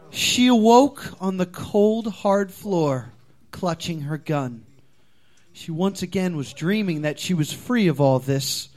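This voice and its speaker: A man reads his own comic fan fiction to a live comedy crowd, playing up the drama. His voice runs high and swings widely, rising and dropping for effect. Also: a little mellow.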